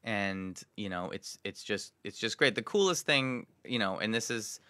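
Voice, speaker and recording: A man co-hosting a casual local podcast, rambling with many restarts and trailing off quietly. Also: on the low side, expressive, normal speed, dry recording. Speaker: podcast co-host. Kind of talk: casual chat.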